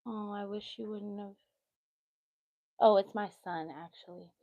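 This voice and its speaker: A woman's voice: medium pitch, fairly even intonation, unhurried, warm tone, no echo, highs cut off. A woman giving a casual tarot reading on a livestream, chatty and easily sidetracked, with motherly asides. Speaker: tarot reader.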